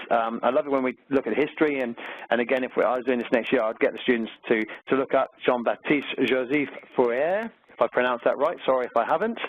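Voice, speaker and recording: A chatty Australian man with a medium-pitched voice teaches maths in a webinar over a tinny, phone-like, dry line. He walks through the material conversationally, upbeat and full of filler words.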